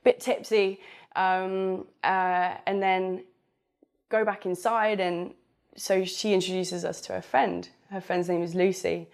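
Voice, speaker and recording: A young woman tells a personal story in a loose, candid way. Her voice sits a little low, and she wanders through the tale with plenty of fillers and false starts. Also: gravelly. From southern England. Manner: rambling and candid, many fillers and restarts.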